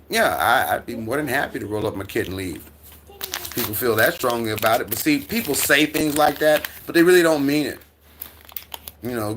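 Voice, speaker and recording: A man's voice: medium pitch, a bit bright, slight background noise. Stammering man chatting on a home livestream. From United States. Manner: rambling, stammers and restarts, chuckles often. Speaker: livestream host reading chat. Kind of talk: casual live-stream chat. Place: at home with his dog.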